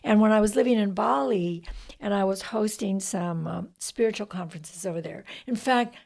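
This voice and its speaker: A woman's voice: mid-range voice, moderate pace, vocal fry, darkish tone. A woman as a guest on a casual podcast, talking in an emphatic way with a spiritual bent and firmly punctuating her points. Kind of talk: casual interview chat.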